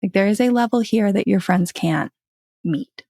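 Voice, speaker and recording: A woman's voice: medium pitch, moderate pace, creaky, warm tone, dry recording, studio quality. A woman hosting a podcast, talking in an earnest, reflective and upbeat way. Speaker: podcast host. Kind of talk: casual podcast chat and outro.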